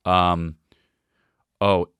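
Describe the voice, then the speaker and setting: A man hosting a podcast, riffing casually and comedically on viral clips in a profane, excitable way, with frequent restarts. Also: sits low, drawn-out words, clean tone, dry recording, clean studio sound. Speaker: podcast host.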